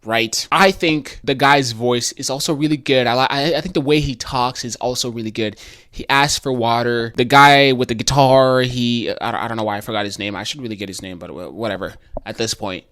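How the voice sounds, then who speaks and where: A man casually recapping a television episode for his video, animated and slangy, with many restarts. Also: mid-range voice, a little fast. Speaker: video creator.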